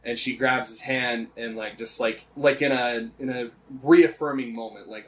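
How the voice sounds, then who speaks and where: A man's voice: mid-range voice, steady tone, moderate pace. A man co-hosting a casual podcast, animatedly retelling events with lots of swearing and "like" fillers. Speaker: podcast co-host.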